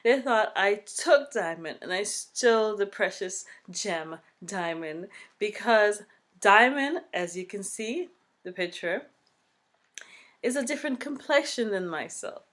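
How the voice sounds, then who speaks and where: Young woman, Caribbean English accent, chatty storytime vlog, lively and expressive, drops into soft whispers. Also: medium pitch, measured pace. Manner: chatty, expressive, swings between loud and soft whispery asides. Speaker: vlogger. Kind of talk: casual personal storytime vlog.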